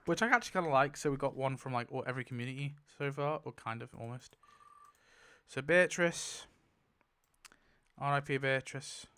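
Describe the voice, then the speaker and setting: Excitable young man, smooth voice. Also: medium pitch, moderate pace, pauses often. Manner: excitable, laughs often, swears, counts aloud. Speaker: YouTuber spinning a wheel. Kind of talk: casual commentary while playing.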